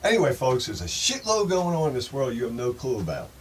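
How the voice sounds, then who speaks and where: A man's voice: mid-range voice, wildly swooping pitch, fairly quick. A man telling a rambling first-person story to his viewers, emphatic and profane, often calling them folks. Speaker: channel host. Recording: distant mic with faint background noise.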